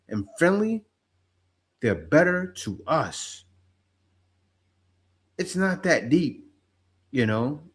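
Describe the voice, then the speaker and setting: Slow, preachy man lecturing in a higher voice. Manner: preachy, repetitive, rhetorical. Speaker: commentary host. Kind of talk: reaction commentary.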